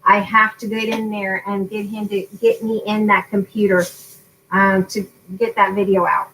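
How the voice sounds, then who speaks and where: A woman's voice: medium pitch, level tone, moderate pace, fairly bright tone, slight background noise, poor audio. A woman in her forties hosting a casual craft tutorial livestream, chatty and often laughing as she drifts off topic. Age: 40s. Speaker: craft channel host.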